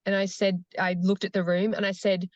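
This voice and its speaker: A woman's voice: medium pitch, level tone, a little fast, a little mellow, no echo. Woman ceremony facilitator, earnest storyteller, dry muffled podcast sound. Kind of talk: podcast conversation.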